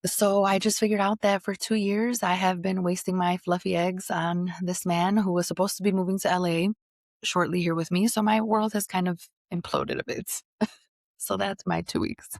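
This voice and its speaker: A woman's voice: on the low side, flat delivery, moderate pace, no room sound, clean studio sound. A woman guest on a podcast, candidly telling a long personal story in blunt, slangy casual chat.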